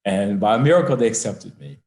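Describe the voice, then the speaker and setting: An older man with a low voice tells a personal story in a heartfelt, unhurried way. He speaks over a video call from an echoey room. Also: animated, a little mellow. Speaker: guest speaker.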